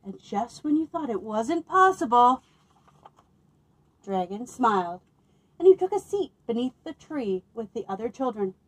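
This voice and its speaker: Slow, expressive woman reading storybooks. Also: a little high, slightly rough, poor audio. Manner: expressive, playful asides. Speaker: children's librarian. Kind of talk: reading picture books aloud to children.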